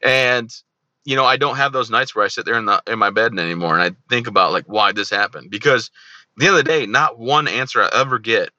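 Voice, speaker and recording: A man's voice: mid-range voice, fast talker, pushed and bright, no echo, lo-fi sound. A man in his thirties, a veteran guest on an interview show, telling his own story candidly and animatedly, often acting out remembered dialogue. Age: 30s.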